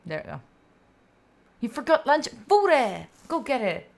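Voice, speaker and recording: This Italian study-stream host, a young adult, reads viewer comments and chats back playfully and gigglingly between work sessions. Her accented voice sits high and is gravelly, very animated but delivered at a measured pace.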